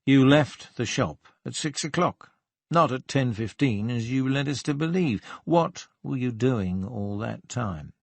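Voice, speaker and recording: A man's voice: mid-range voice, lively intonation, vocal fry, no echo. A man reading a firm, level police inspector. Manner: level, firm, measured questioning. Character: calm, probing middle-aged police inspector.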